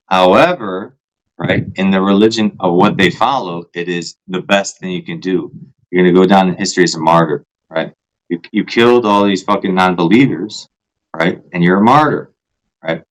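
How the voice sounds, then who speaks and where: Low-voiced man, loose and profane. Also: low-quality recording. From parents from Poland. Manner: loose, swearing, repeats "right?". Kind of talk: casual chat.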